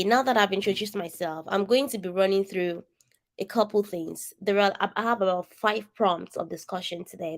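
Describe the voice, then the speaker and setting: A Nigerian woman with a distinctive, somewhat nasal voice and an accent, coaching a group over a video call in an earnest, emphatic way, speaking straight to her listeners. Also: mid-range voice. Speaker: coach leading an online session. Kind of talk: interactive coaching talk.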